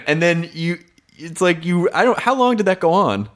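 A man's voice: high-pitched, expressive, normal speed. A man hosting a podcast in casual chat, curious and asking follow-up questions. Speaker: podcast host.

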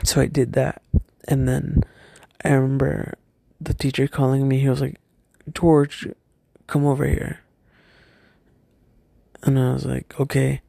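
A young man telling a personal story from his school days, hesitant and halting, often stopping and restarting. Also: mid-range voice, completely flat delivery, creaky, dark tone, dry recording, clean studio sound.

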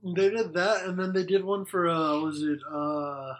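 A man's voice: high-pitched, level tone, a little slow. A man in casual podcast chat, talking in a rambling, joking way and swearing often.

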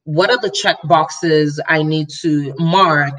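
A woman's voice: low-pitched, fairly even intonation, slow, a bit bright. A woman from Nigeria, speaking in a thoughtful, reflective way during a casual chat. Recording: voice slightly distant from mic.

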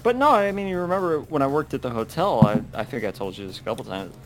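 A man's voice: on the high side, very animated, fast, music in the background. Rambling, laughing man in casual chat. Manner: loose and rambling, swears, laughs often.

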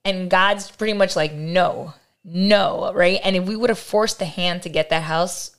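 A woman in her thirties co-hosting a casual faith-based podcast, animated and often ending her points with "right?". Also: fairly low pitch, normal speed. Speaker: podcast co-host.

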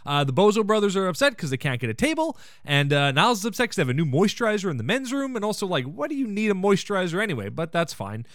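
A man's voice: high voice, very animated, fast talker, few pauses, fairly bright tone, no echo, clean studio sound. A man hosting a podcast, recapping an episode in casual chat, enthusiastic and full of joking asides. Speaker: podcast host.

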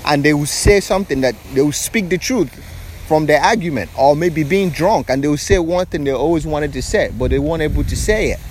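A man speaks outdoors on a beach, delivering a preachy spiritual talk in a voice a touch higher than most men. He keeps circling back with repeated rhetorical questions. A faint hum of boats carries in the background. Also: fairly quick. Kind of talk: motivational spiritual monologue.

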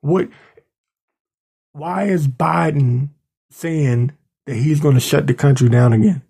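A man's voice: on the high side, slow pace, gravelly, mellow, slightly rough. A man hosting a podcast, ranting angrily and indignantly, mocking the people he talks about. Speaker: podcast host. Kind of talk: ranting commentary. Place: works in Washington DC area.

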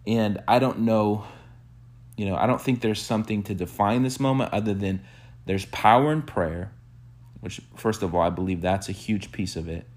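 A man preaching a sermon, telling a story with animated quoted bursts and soft hushed reflective asides. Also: moderate pace. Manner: animated storyteller, acts out quotes with sudden high-pitched bursts. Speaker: pastor.

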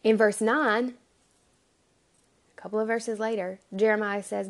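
A woman giving an earnest, halting Bible teaching, acting out pleading prayers to God. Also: mid-range voice, fairly even intonation.

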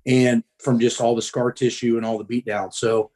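A middle-aged man from the Midwest speaks as a guest, telling his story bluntly and casually. He swears freely, fills his pauses with ums, and sits at an ordinary male pitch. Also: level tone, warm tone. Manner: blunt, profane, frequent ums.

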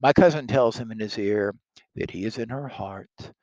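A man reading aloud the part of a witty, sharp-tongued young noblewoman, lifting his voice a little for her lines. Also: on the low side, normal speed, no echo, muffled recording, close to an everyday voice. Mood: teasing.

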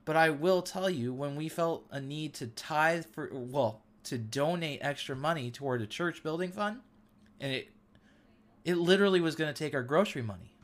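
A man's voice: a little high, moderate pace. A man in his thirties hosting a devotional talk, sharing an earnest, emotional testimony. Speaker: podcast host.

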